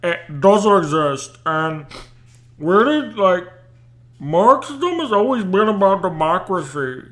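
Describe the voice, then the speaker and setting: A whiny, sneering male streamer parody, put on by a man, talking slowly in a voice pushed up high. The lines come out thin and mocking. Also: very animated, a bit bright, heavily acted.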